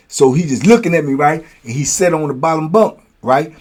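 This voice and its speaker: Male storyteller, casual prison tales, animated, fairly high voice. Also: brisk, breathy edge. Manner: animated, acting out blows with sound words. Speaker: storyteller, host.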